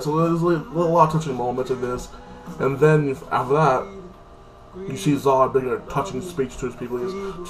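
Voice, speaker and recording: A man's voice: mid-range voice, recorded from a distance, poor audio. A man giving a casual, rambling recap of a TV episode, often saying "like this" and "like that" and swearing offhand. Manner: rambling, heavy use of "like this" and "like that". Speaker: TV episode reviewer.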